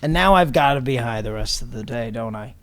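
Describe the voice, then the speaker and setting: A man's voice: medium pitch, expressive, brisk. A man, a comedian guest on a podcast, riffing playfully and trailing off mid-thought. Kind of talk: casual comedic chat.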